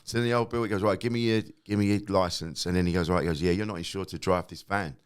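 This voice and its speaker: A middle-aged man, a guest comedian telling lively anecdotes and acting out quotes, swearing freely. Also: low-pitched, fast talker, clear, resonant tone.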